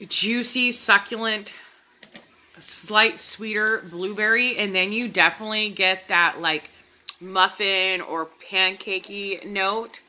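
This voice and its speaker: A woman's voice: mid-range voice, sharp tone, poor audio. A woman chatting casually to her viewers as she reviews candles, enthusiastic and talkative. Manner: chatty, enthusiastic, addresses viewers as "you guys". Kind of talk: casual product review vlog.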